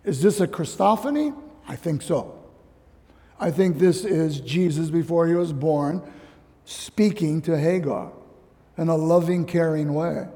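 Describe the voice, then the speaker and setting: A man from Hawaii preaching a sermon as pastor, emphatic and animated with casual slang asides, in a church hall. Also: fairly high pitch, a little slow. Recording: long hall reverb.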